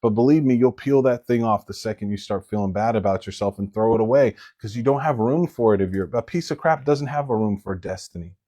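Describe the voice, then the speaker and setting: A man's voice: lowish voice, a little fast, hardly any pauses, mellow. Blunt, conversational male preacher. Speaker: pastor. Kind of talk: sermon.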